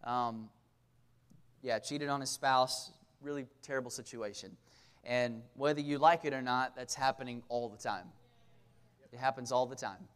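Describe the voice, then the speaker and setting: A man preaching a casual sermon at a youth camp, joking and talking straight to the audience with quick asides. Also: mid-range voice, clean tone.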